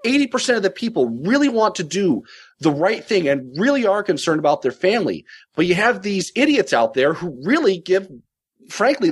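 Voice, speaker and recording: A man with a husky, slightly breathy voice launches into an animated rant. His pitch swings widely as he builds the story in loose conversational chat. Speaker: podcast panelist. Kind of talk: casual chat.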